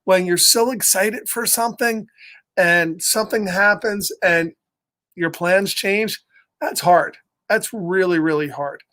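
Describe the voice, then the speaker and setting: A man's voice: sits high, takes it slowly, bright, forceful tone. A middle-aged man reading a picture book aloud to children, chatty and upbeat, laughing often and greeting viewers by name. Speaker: storybook reader for children. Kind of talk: read-aloud story time with live chat.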